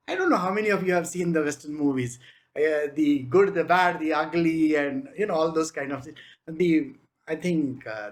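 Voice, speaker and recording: A woman spiritual teacher with a low voice gives a conversational spiritual discourse, chatting along and asking frequent rhetorical questions.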